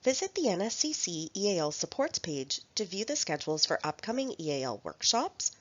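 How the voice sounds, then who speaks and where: A woman narrating a recorded language workshop, speaking clearly and carefully as she reads out example phrases. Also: on the low side, very animated, fairly quick, no room sound, highs cut off. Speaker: language support instructor.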